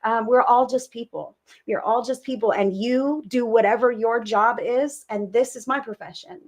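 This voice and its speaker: A woman hosting a live psychic reading stream, talking to her viewers with gushing affection. Her voice sits a little high, and she rambles warmly from one name to the next. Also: steady tone, moderate pace.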